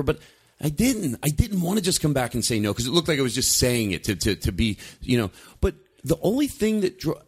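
A man hosting a podcast, telling stories in a rambling, animated way with many restarts. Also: mid-range voice, quick pace. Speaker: podcast host. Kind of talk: casual storytelling chat.

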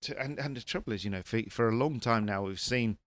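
A man chatting as a rally pundit on a panel, lively, with many restarts. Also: medium pitch, fast, no room sound. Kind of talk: casual panel chat.

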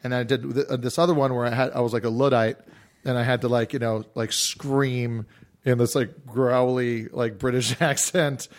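A man's voice: mid-range voice, steady tone, normal speed. Rambling man telling stories on a podcast. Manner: rambling, filler-heavy storytelling. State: hoarse after a day of screaming. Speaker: podcast host. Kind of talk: casual chat.

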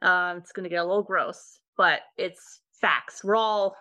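A woman's voice: on the low side, a little slow, pushed and bright, rough recording. A woman in casual chat, telling her story frankly and matter-of-factly. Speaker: guest mom.

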